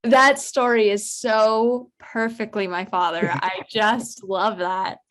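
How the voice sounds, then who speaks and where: A woman's voice: mid-range voice, steady tone, takes it slowly, fairly bright tone. A woman hosting a business interview podcast, asking questions and reacting with effusive enthusiasm. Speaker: podcast host.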